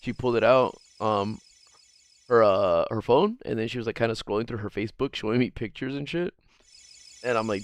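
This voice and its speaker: A man's voice: lowish voice, brisk. A man streaming live, chatting casually in a rambling, profane way and laughing often as he answers chat. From Guam.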